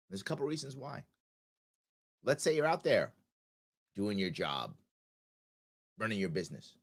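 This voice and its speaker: A man with a nasal, congested voice hosts a live radio talk show. His pitch swings widely as he argues, throwing rhetorical questions and sarcastic asides. He talks into a studio microphone. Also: very animated, normal speed, long pauses. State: stuffy nasal voice from allergies.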